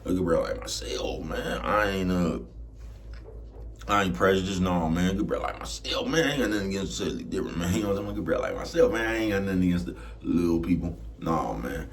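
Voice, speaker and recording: Low-voiced and quick, this vlogger rants to camera in a relaxed, streetwise style, repeatedly asking "you know what I'm talking about" and at times turning loud and heated. There's a little hiss or hum in the recording.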